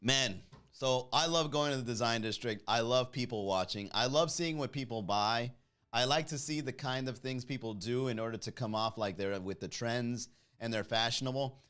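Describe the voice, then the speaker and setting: A man hosting a comedy podcast, telling a story in a casual, animated way, acting out the people in it and laughing at his own jokes. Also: smooth. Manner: animated, acts out quoted voices with big pitch jumps.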